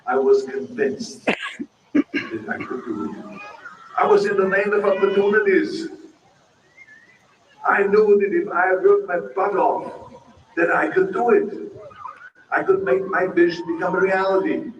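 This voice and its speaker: A man's voice: high-pitched, a little slow, long pauses, muffled recording. An older man with an Austrian German accent giving a humorous, emphatic keynote speech at an outdoor ceremony. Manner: humorous, emphatic, self-deprecating. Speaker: keynote speaker. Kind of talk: public speech. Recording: echoey distant public-address sound with background noise.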